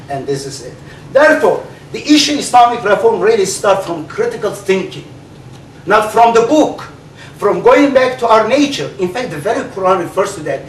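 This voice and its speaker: High-voiced Turkish-accented man in an echoey hall. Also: slight background noise. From Turkey. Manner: animated, halting with many fillers. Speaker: debate speaker. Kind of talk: public debate speech. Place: large hall. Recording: echoey hall recorded from far off.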